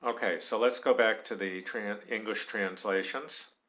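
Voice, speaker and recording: A man's voice: lowish voice, fairly even intonation, unhurried, sharp tone. A man giving a recorded tutorial, thinking aloud as he works and dictating punctuation marks. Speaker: tutorial instructor.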